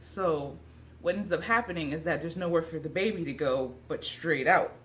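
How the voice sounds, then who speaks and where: A woman's voice: low-pitched, normal speed, a little hiss or hum. A young pregnant woman chatting casually to camera in a vlog, a little out of breath and self-deprecating. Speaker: vlogger. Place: at home indoors.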